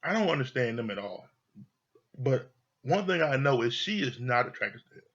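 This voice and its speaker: A man's voice: mid-range voice, big pitch swings, normal speed, a bit bright, breathy edge. Blunt, profane man reviewing a reality show. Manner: blunt, profane, repeats himself. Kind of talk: casual opinionated commentary. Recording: dull lo-fi audio.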